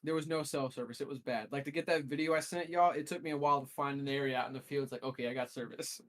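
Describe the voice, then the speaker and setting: A man's voice: mid-range voice, steady tone, quick pace, fairly bright tone. A man telling a long, rambling story as a co-host in a casual podcast chat. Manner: rambling storyteller, restarts often.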